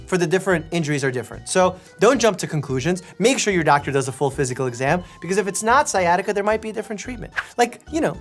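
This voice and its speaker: A man's voice: high voice, sing-song, fast, hardly any pauses, faint music behind. A man in his thirties, a doctor, casually reacting to memes in a playful, jokey way, laughing often and sometimes stopping to explain medical facts. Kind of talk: casual meme reaction commentary.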